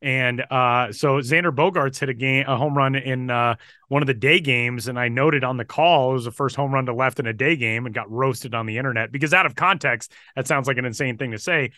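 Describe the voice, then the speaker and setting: Man, sports broadcaster, animated podcast storytelling, bright tense voice, dry close mic. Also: mid-range voice, fairly quick, no room sound. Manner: energetic, animated retelling with fillers. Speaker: baseball broadcaster and podcast regular.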